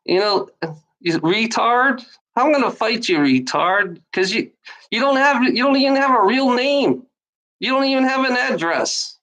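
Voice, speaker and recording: A woman's voice: on the low side, poor audio. A woman streamer ranting at online trolls in a casual, profane, rambling way, full of sarcasm and repeats. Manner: mocking laughs. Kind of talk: casual rant to a live audience.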